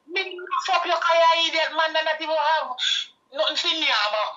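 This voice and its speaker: An actress with a Jamaican accent playing a bossy middle-aged mother who lectures and scolds her grown daughter loudly. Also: medium pitch, fairly quick, lo-fi sound, over a noisy crowd, lightly acted. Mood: furious. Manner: scolding, loud, preachy, bursts of shouting. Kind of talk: film dialogue.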